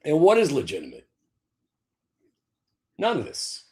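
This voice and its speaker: A man's voice: a little high, wildly swooping pitch, a little slow, a little mellow. A man hosting a stock market show, ranting in a brash, profane, sarcastic way. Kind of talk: opinionated trading talk.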